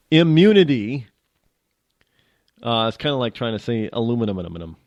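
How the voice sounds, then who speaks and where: A man's voice: medium pitch, fairly even intonation, measured pace, dry recording, lo-fi sound. A man from New hosting a radio show, talking in a rambling, joking way that keeps interrupting itself. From New England. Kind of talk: casual talk radio monologue.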